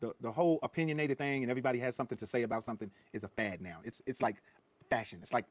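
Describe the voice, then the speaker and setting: A man's voice: medium pitch, racing, no room sound. A middle-aged man, a guest comedian, riffing and telling profane stories with emphatic, preachy repetition.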